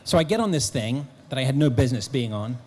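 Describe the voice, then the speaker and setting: A man, a guest actor and author, telling lively anecdotes at a convention Q&A, acting out bits of dialogue. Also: medium pitch, quick pace, a little hiss or hum. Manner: animated storyteller, acting out quotes. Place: convention hall.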